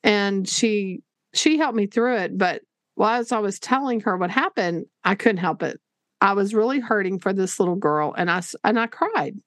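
A woman's voice: mid-range voice, normal speed, no room sound, studio quality. A woman co-hosting a teaching podcast, telling a personal story in an earnest, casual way with many restarts.

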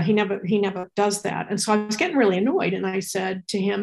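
A middle-aged woman talks casually as a podcast co-host, with the ease of a lively storyteller. She slips into the voices of the people she quotes. Her voice sits at an ordinary middle pitch. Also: quick pace, hardly any pauses. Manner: lively storytelling, quoting others. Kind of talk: casual chat.

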